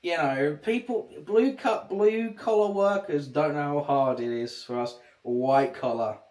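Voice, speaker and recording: A man's voice: fairly high pitch, unhurried, a little mellow. A man, chatting casually on a livestream and rambling through restarted sentences. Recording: roomy echo.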